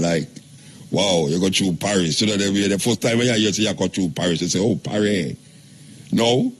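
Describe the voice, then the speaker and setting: Older Jamaican man, rambling patois radio talk, a touch husky, emphatic. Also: on the low side.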